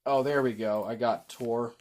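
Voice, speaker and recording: A man's voice: mid-range voice, fairly even intonation, normal speed, darkish tone. A man chatting casually on his livestream, rambling with frequent ums while reading chat.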